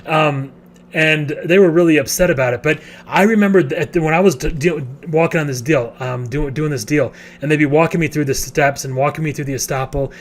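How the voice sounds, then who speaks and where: A man's voice: fairly high pitch, fairly quick. A man, a real estate educator, telling a long story in a casual, rambling way with many restarts.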